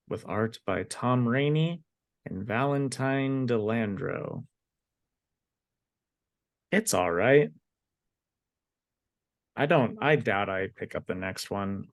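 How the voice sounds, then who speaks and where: Laid-back male podcast co-host, slow delivery, lower voice, dry close mic. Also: no room sound. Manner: relaxed, unhurried, frequent fillers. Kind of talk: casual comic book review chat.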